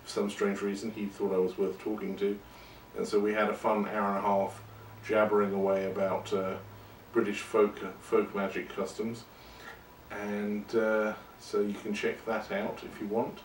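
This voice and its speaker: A man's voice: fairly low pitch, monotone, moderate pace, a little hiss or hum. A man hosting a podcast, talking in a rambling, casual, self-deprecating way. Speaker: podcast host. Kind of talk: casual monologue. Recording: roomy and distant from the mic.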